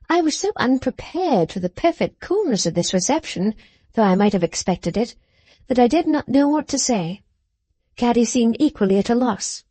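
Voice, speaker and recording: A woman narrating a classic novel as an audiobook in a measured, even manner. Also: medium pitch, dry recording. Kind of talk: scripted narration.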